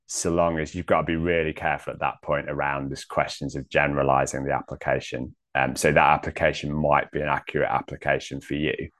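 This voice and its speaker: A man in a casual theological discussion, thinking aloud with many pauses and restarts. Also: rumbling low, a bit bright. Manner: hesitant, many ums and restarts.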